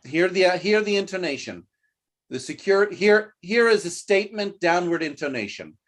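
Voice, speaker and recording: A man's voice: high voice, animated, moderate pace. Male English teacher, firm but patient, models sentences aloud. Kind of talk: online English lesson.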